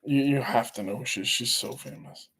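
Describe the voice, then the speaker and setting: A man's voice: medium pitch, brisk, a bit bright, a little hiss or hum. A middle-aged man hosting a casual live stream, rambling through stories and chatting with viewers. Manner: rambling, laughs while telling stories. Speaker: livestream host.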